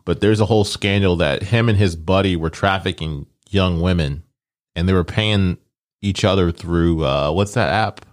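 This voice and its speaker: A man's voice: deep voice, moderate pace. A man co-hosting a casual podcast chat, rambling with lots of fillers. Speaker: podcast co-host.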